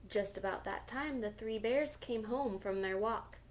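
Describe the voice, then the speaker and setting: A woman librarian reading a picture book aloud for children at storytime, animated, gasping and asking listeners questions. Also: on the high side, a little slow, slight background noise.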